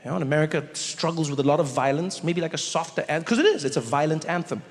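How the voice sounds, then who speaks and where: A man with a South African accent doing a stand-up set in a theater, animated and mocking in a conversational way. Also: a little high, fast talker, in a large hall. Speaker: stand-up comedian.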